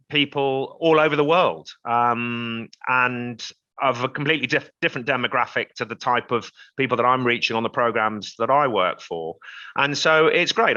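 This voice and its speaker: A man's voice: medium pitch, pushed and bright, muffled recording. A man from England, a farmer and TV presenter, talking upbeat and enthusiastic in an interview. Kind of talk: casual interview talk.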